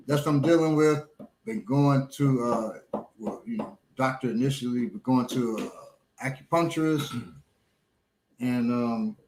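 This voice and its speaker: Halting middle-aged man, roomy sound. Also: mid-range voice. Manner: halting, many pauses and fillers. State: slightly slurred speech after a small stroke. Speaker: podcast host and instructor. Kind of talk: casual chat.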